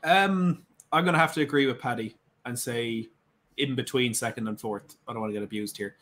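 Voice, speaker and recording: A man's voice: mid-range voice, brisk, fairly bright tone. A man on a podcast, hesitant and hedging his answers. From Ireland. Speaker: podcast guest. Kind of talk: casual podcast chat.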